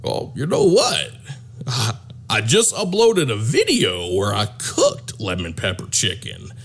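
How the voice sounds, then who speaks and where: A man doing an offhand, low-key guy. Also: huge pitch swings, measured pace, fairly bright tone, slightly rough, exaggerated voice.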